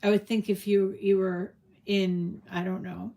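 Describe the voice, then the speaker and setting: A chatty woman hosts a live crafting stream, rambling warmly with plenty of ums and self-corrections. Her voice is mellow and low in brightness, at a middling pitch for a woman. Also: flat delivery, unhurried. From New England. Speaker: crafting livestream host. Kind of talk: casual live-stream chat.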